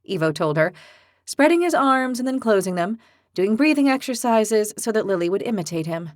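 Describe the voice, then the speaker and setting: A woman narrating an audiobook in a steady, expressive storytelling manner. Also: medium pitch, moderate pace, dry recording, clean studio sound. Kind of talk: scripted narration.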